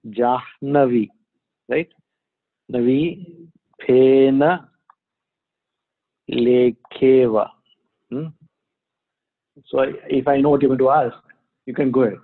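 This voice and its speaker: A man's voice: mid-range voice, breathy edge. Man teaching Sanskrit over a thin phone-like line. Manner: patient, repeats sounds slowly, asks students questions. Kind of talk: online class, explaining pronunciation. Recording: phone-like narrow band.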